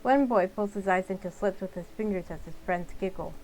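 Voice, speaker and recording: A woman's voice: mid-range voice, fairly quick, hardly any pauses, darkish tone, faint music behind, rough recording. A woman reading a visual novel aloud with casual commentary as she plays. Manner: casual asides while narrating. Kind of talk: let's-play reading and commentary.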